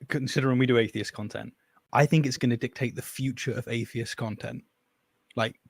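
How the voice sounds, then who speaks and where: A man's voice: medium pitch, darkish tone, no room sound, clean studio sound. A man on a livestream panel who talks in a self-deprecating, joking way. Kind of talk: casual livestream panel chat.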